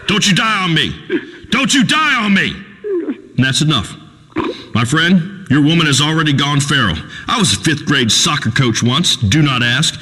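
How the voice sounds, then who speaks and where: A swaggering redneck radio host. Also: male voice, a little high, husky, long reverb tail, exaggerated voice. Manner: loud folksy swaggering rant, Southern drawl. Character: crude boastful male redneck talk show host. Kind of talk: comedic radio show in a video game.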